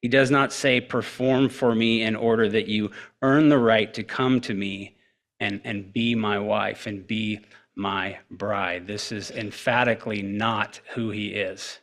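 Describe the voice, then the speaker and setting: Earnest male preacher, halting delivery. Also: on the low side, fairly even intonation, a bit bright. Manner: earnest, with frequent fillers and repeated words. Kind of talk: sermon.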